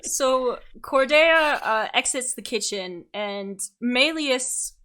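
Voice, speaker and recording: A lively woman narrating as a tabletop game master, often breaking into laughter. Her voice sits a little high. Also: slow.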